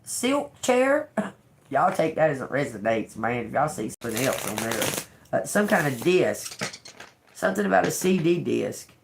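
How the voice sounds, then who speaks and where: An older woman doing a live tarot reading, talking slowly and bluntly with swearing, repeating words as she reads the cards aloud. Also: low voice, very animated, vocal fry, slight background noise. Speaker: tarot reader.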